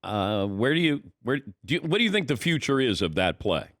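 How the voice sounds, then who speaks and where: A man hosting a sports show, asking his guest questions in a relaxed, easy way. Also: medium pitch, normal speed, no echo, studio quality. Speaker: radio show host. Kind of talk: casual interview questions.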